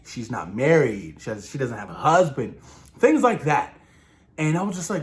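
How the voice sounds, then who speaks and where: A man casually discussing a TV episode, excitable and rambling, swearing freely and acting out his own reactions. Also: medium pitch, moderate pace. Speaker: show reviewer.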